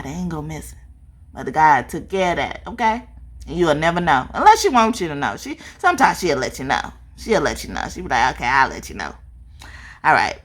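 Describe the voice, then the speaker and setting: A woman giving a casual spiritual tarot card reading, talking in an animated, profane way and laughing often. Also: fairly high pitch, husky. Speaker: tarot reader.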